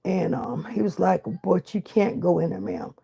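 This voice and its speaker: A woman's voice: fairly low pitch, very animated, moderate pace, creaky, mellow, breathy edge. A middle-aged woman, telling her own story of loss with emotion and reenacted dialogue. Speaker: grieving mother. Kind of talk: personal storytelling.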